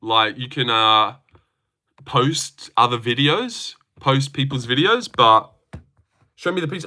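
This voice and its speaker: A man's voice: medium pitch, takes it slowly. A young man with an Australian accent, chatting loosely and swearing as he hosts a livestream and reads out comments. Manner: loose, excitable, swearing banter. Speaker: livestream host. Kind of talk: casual livestream chat reading comments.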